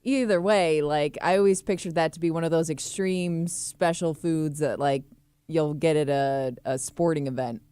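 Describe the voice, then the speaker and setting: A woman's voice: sits low, normal speed, warm tone, clean tone, dry recording. A woman co-hosting a morning radio show, musing in an easygoing way. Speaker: radio co-host. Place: radio studio. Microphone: studio mic.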